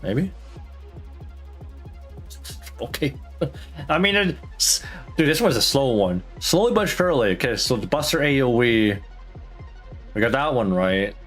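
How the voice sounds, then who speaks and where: A man's voice: medium pitch, lively intonation, moderate pace, a bit bright, faint music behind. A man streaming a game, thinking aloud in casual, slangy chat with plenty of swearing. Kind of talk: casual gameplay commentary.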